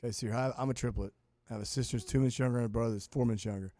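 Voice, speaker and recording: A man's voice: mid-range voice, steady tone, dark tone, dry recording, studio quality. Joking, chatty male podcast host. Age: 40s. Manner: joking, chatty, quick interjections. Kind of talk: casual interview chat.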